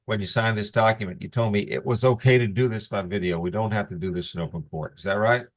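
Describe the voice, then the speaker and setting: Low-voiced judge reading formal warnings. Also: male voice. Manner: measured, reads plea warnings in a steady formal cadence. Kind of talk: formal court hearing. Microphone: video call.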